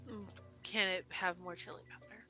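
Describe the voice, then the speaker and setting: A woman voicing a huge horned male god with a gruff voice, speaking slowly with quiet amusement. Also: medium pitch, fairly even intonation, over loud music, natural voice. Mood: wry, gentle.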